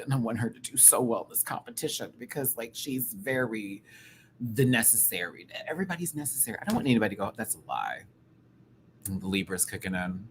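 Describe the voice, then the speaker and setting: A man giving casual live-stream commentary as a show reviewer, animated and campy, with quick asides and laughs. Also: mid-range voice, a little hiss or hum.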